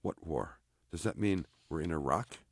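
A man's voice: a bass voice, expressive, moderate pace, slightly rough, no echo, studio quality, exaggerated voice. A man reading aloud, voicing a baffled young soldier who keeps pressing with questions. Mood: bewildered. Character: bewildered young male soldier, anxious.

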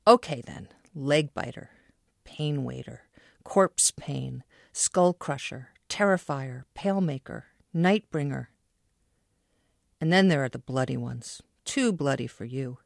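A woman voicing a moody adult aunt who swings between warmth and cruelty, read by the author in her own voice. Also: a bass voice, expressive, slow, creaky, no echo, studio quality, full character voice. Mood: playful.

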